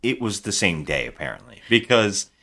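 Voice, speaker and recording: A man co-hosting a casual podcast, retelling a movie scene by scene with sarcastic, animated commentary. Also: fairly low pitch, moderate pace. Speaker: podcast co-host. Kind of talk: casual movie review chat.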